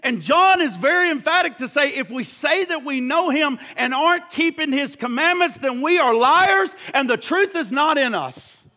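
High, bright-voiced emphatic male preacher. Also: expressive, moderate pace, hardly any pauses. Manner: emphatic, repeats words, rhetorical questions; shouts at points. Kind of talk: sermon.

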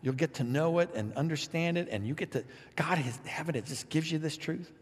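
A man preaching a sermon as pastor, animated and playful, reading scripture with lively asides. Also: on the high side, fairly quick, husky, long reverb tail.

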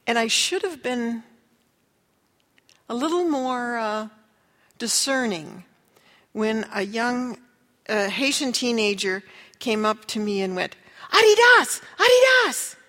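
A woman's voice: a little high, takes it slowly, long pauses, fairly bright tone. A middle-aged woman telling a personal faith story in an earnest way. She acts out the voices in the story she quotes. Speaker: speaker sharing a testimony. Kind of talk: storytelling testimony. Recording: long hall reverb.

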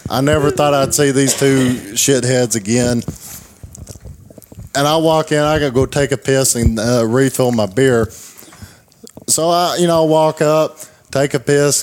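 A man with a drawl tells a long, rambling story to his co-hosts, swearing freely as he goes. His voice sits at an ordinary middle pitch. He slips into the other people's lines as he retells the story. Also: a little mellow. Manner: profane, rambling, acts out quotes. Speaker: show co-host. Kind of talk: casual storytelling chat.

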